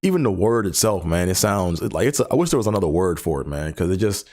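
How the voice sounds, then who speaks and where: A man who stutters talks casually on his solo podcast, rambling about the condition with lots of fillers and repeated words. His voice is low and darkish, with a sing-song lilt and a quick pace.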